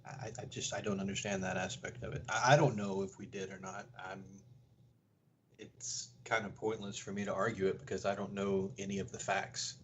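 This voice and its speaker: Low-voiced man repeating a blunt question. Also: a little hiss or hum. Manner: blunt, hesitant, repeats his one question. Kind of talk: casual chat.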